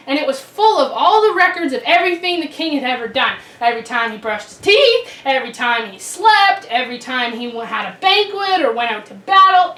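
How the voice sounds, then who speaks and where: A woman telling children a Bible story in a chatty, animated way, with many restarts. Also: sits high. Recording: roomy, distant mic.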